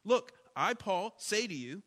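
A man preaching a sermon with emphatic delivery, asking rhetorical questions and swinging between loud and quiet. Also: high voice, very animated, a little slow. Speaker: pastor.

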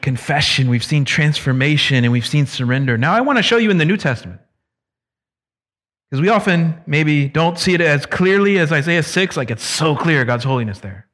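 A man preaching a sermon, his voice sitting a little high for a man. He speaks in a conversational, emphatic way, slowing to stress key words and reading scripture aloud. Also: a bit bright.

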